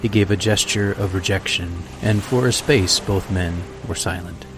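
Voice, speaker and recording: A man hosting a podcast, reading a classic story aloud in a measured, deliberate way. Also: deep voice, over music. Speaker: podcast host. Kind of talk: scripted narration of a classic story.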